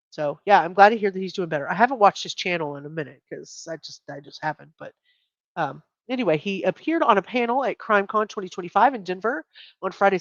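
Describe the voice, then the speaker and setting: A woman's voice: mid-range voice, fairly bright tone, no room sound, highs cut off. A woman hosting a casual true crime livestream, chatting with viewers, laughing often and reading headlines aloud. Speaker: livestream host.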